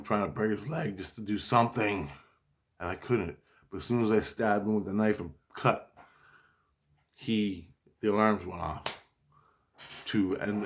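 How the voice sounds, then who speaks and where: A man with a fairly low voice talks in a loose, rambling monologue. He swears freely and keeps stopping and restarting his sentences, sounding agitated. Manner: profane, agitated storytelling with frequent restarts. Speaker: vlogger recounting a dream.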